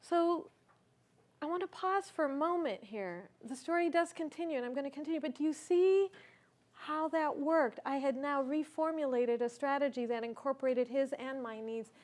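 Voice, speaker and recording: A woman's voice: high-pitched, moderate pace, a little mellow. A woman speaking at a conference, telling a personal story in an earnest, reflective way and asking the audience questions. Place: conference stage.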